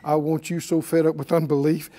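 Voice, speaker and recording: Briskly and in a level, slightly high but dark-toned voice, a man preaches with emphatic call-and-response. He leads the congregation through lines they echo back.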